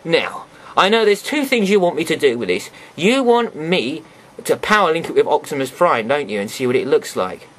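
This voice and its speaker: A man's voice: a little high, very animated, moderate pace, fairly bright tone, slight background noise. A man chatting casually as he reviews a toy for his viewers, full of sarcastic asides.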